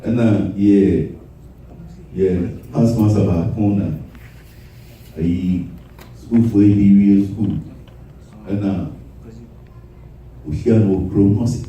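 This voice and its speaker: A man preaches at a slow, unhurried pace with a dark, mellow tone, and he breaks into playful storytelling. He stands some way from the microphone. His voice rings through a very echoey space. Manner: animated storytelling, shifting into high mimicking voices. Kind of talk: humorous sermon with acted quotes. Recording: roomy echo, voice far from the mic.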